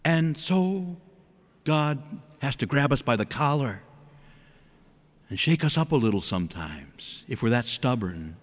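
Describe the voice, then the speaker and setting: A man preaching a sermon in a lively way, often asking rhetorical questions of the congregation. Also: mid-range voice, unhurried, pauses often, long reverb tail.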